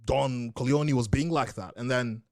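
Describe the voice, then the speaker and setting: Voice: medium pitch, moderate pace, a little mellow, no room sound. A podcast co-host in casual chat, teasing with dry banter and laughing often.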